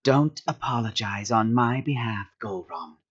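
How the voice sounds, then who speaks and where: A man's voice: mid-range voice, expressive, unhurried, a bit bright, breathy edge, highs cut off, heavily acted. A man voicing a prickly, defensive female alien who talks in a snappish, sneering way.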